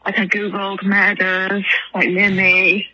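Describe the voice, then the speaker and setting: A woman's voice: mid-range voice, completely flat delivery, takes it slowly, pushed and bright, rough recording. A woman from England leaving a rambling phone voicemail for a podcast while out of breath from walking her dog. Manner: rambling, lots of ums and likes. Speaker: caller.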